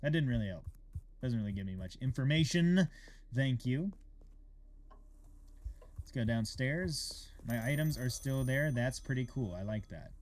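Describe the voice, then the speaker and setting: A man's voice: mid-range voice, animated, unhurried, long pauses, darkish tone. A man hosting a let's play of a horror game, reacting with jokey asides. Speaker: gaming channel host.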